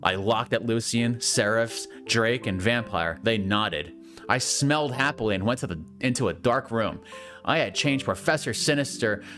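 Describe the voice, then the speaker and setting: A man doing a comedic dramatic reading of bad fanfiction, with mocking deadpan asides. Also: normal speed, soft background music. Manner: swears and jumps into shrill high voices for quotes. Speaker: fanfiction reader.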